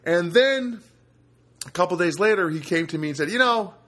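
The host, a middle-aged man from New Jersey, has a high, slightly bright voice with lively intonation and normal speed. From his studio apartment he runs a casual one-man podcast, meandering through stories and interrupting himself.

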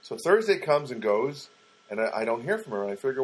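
A man's voice: mid-range voice, sing-song, fairly quick, breathy edge, poor audio. A man telling a rambling, casual story about his week, with frequent restarts.

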